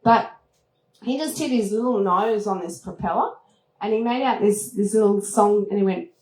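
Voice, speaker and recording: A woman who hosts a travel show, telling a story to a retreat audience in a lively way, laughing often and squealing as she acts out moments. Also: medium pitch, normal speed. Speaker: travel TV host giving a talk. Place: event room at a retreat. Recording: roomy echoing hall.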